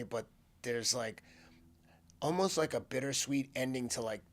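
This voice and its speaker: A man's voice: mid-range voice, unhurried. A man, a podcast guest telling stories in a casual interview and acting out the voices of the people in them. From Boston. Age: 50s. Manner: animated, acts out quoted voices.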